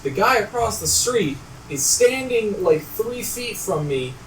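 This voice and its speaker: A young man on a casual podcast, telling stories in an animated way, swearing freely and acting out the voices of people in them. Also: high voice, a little slow, distant mic. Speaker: podcast co-host. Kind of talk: casual storytelling chat. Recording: echoey room, off-mic, noisy.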